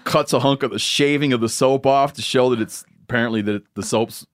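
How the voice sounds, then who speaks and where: A man hosts a casual podcast and tells a long, rambling story with a joking edge. His voice sits at an ordinary middle pitch. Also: fairly quick. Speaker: podcast host.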